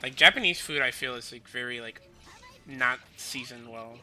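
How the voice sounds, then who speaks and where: A man's voice: medium pitch, normal speed, bright, forceful tone. A man with a Southern US accent, chatting loosely on a livestream and padding his talk with "like". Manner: loose, rambling, peppered with "like". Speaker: streamer. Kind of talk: casual chat.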